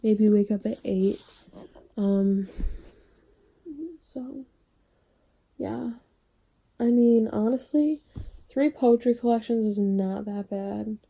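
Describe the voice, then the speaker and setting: A young woman talks casually to her camera at home. Her voice is mellow and warm, and she speaks at an unhurried pace, sometimes dropping to a soft whisper. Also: mid-range voice, low-quality recording. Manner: chatty, slips into soft whispers. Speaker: book vlogger. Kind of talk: casual vlog chat.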